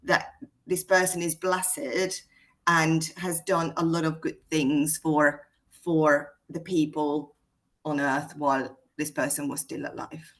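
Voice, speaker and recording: A Hungarian-born guest speaker talks slowly on a casual video call, her accent mostly British with a touch of South African. Her voice is low for a woman, and she tells her story in a relaxed, chatty way, with plenty of ums.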